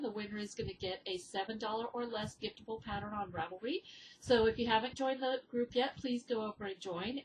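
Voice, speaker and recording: A woman's voice: mid-range voice, rough recording. A woman podcaster in casual chat, with a mid-range voice. She talks in a chatty way with many ums and uhs, and sounds teary and grieving. Faint noise sits behind her. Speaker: podcast host.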